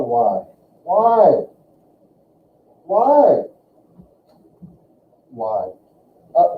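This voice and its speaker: A man teaching a German class, chatty and searching for words as he demonstrates pronunciation. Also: on the high side. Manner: chatty, searching for words, repeats sounds for students. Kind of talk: classroom lesson. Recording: echoey classroom, tinny and lo-fi.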